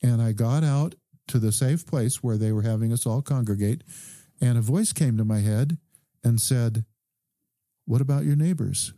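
Dr guy on a podcast telling a story calmly, super dark mellow tone. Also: mid-range voice, no echo, clean studio sound. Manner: calm, measured recounting with quoted dialogue. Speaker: guest doctor. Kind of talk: conversational storytelling.

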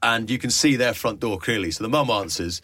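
A man's voice: on the low side, a little fast, breathy edge, no echo. A young man, a radio presenter and podcast guest, telling a story with lots of laughter and acted-out voices. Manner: animated storyteller, acts out voices, laughs often. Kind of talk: casual storytelling chat.

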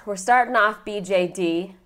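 A woman's voice: mid-range voice, a little slow, fairly bright tone. A woman co-hosting a casual movie review podcast, blunt and sweary, often laughing. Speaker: podcast co-host.

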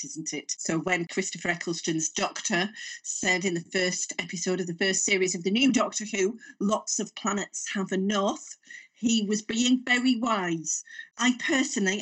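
Guest: chatty Northern English woman, husky, slightly distant sound. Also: mid-range voice. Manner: animated, chatty storyteller. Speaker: writer and comedian guest. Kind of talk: casual podcast interview.

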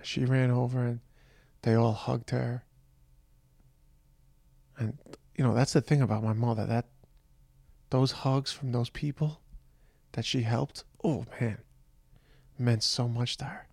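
A tired middle-aged man talks through a personal monologue in a slow, halting way, often trailing off and restarting. His voice has a gravelly fry at a medium pitch. The recording is dry and close, with no room sound. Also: steady tone, darkish tone, no room sound. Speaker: podcast host.

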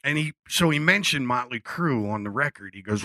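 Man from Philly, bright dry voice, lively anecdote teller who acts out dialogue. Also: mid-range voice, fairly quick, few pauses, no room sound. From Philadelphia. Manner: animated storyteller acting out quotes, swears freely. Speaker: guest telling a story. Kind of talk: casual anecdote.

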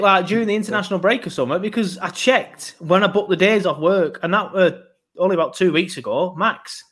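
A man hosting a football podcast in loose, rambling chat. His voice sits a little high for a man, and his talk is full of fillers and restarts. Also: brisk, a bit bright. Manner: chatty, rambling, lots of fillers. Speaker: podcast host.

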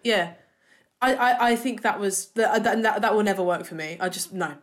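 A woman co-hosting a podcast, chatting in an animated way and often repeating words. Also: medium pitch, moderate pace. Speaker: podcast co-host. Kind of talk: casual chat.

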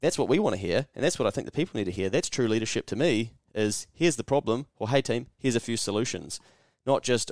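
A man's voice: mid-range voice, animated, fast talker, a little mellow, dry recording, clean studio sound. A man with a New Zealand accent hosting a solo podcast, talking bluntly and sarcastically and acting out mock dialogues. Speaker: podcast host. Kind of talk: casual solo podcast monologue.

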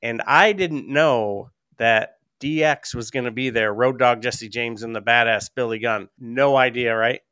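A middle-aged man in easy podcast conversation, his voice smooth and resonant. His delivery wanders through stories, full of "um" and "you know". The sound is dry and close. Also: medium pitch, a little slow, hardly any pauses, pushed and bright, dry recording. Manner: rambling storyteller with frequent fillers. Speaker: podcast guest. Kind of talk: casual chat.

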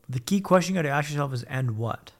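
A man's voice: a little high, very fast. A man telling his own story as a podcast guest, blunt and upbeat, swearing freely. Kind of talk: casual candid storytelling.

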